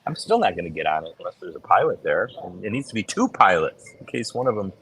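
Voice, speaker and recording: Man, middle-aged, low pitch, casual podcast storyteller, animated quoted voices. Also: quick pace, a little hiss or hum, poor audio. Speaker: podcast co-host. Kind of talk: casual chat.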